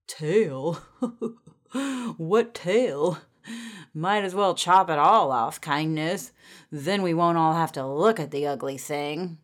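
A woman's voice: low voice, slow pace. A woman doing a jeering mouse sidekick. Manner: jeering, laughing scornfully.

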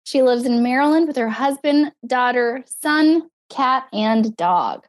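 A woman podcast host with a somewhat high voice that is strained because she is losing it. She reads the guest's introduction in a friendly way. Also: measured pace. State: losing her voice. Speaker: co-host, licensed counselor.

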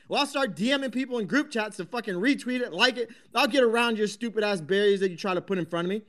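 A man's voice: sits high, fast, hardly any pauses, fairly bright tone. A man hosting a live online audio room, ranting combatively with constant swearing and frequent restarts. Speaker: host of a crypto talk space.

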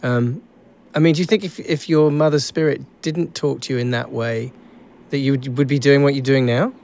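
A host asking gentle interview questions and laughing easily. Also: medium pitch, steady tone, moderate pace.

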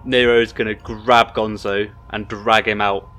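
A man describing his character's moves in a tabletop game. He speaks slowly and haltingly, restarting his sentences often. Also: on the low side, little pitch movement, bright, forceful tone. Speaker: player.

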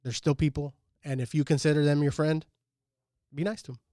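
A man's voice: fairly high pitch, flat delivery, a little fast, warm tone, no echo, studio quality. A man co-hosting a podcast, telling stories in a casual, profane, earnest way. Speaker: podcast co-host. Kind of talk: casual chat.

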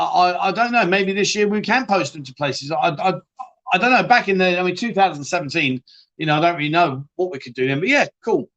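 A man's voice: a little high, a bit bright, highs cut off. A man hosting a live chat show, rambling and joking as he reads out viewer comments and calls people mate.

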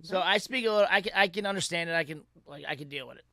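A man's voice: sits high, rapid-fire, pushed and bright, no echo. A man hosting a podcast, joking loosely and laughing in casual chat. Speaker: podcast host.

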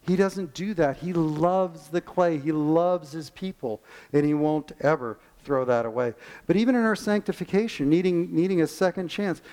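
A man preaching in a church with a fairly high voice. He delivers an animated sermon, acts out the voices of the people in his stories and slows right down on the lines he wants to land. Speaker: pastor.

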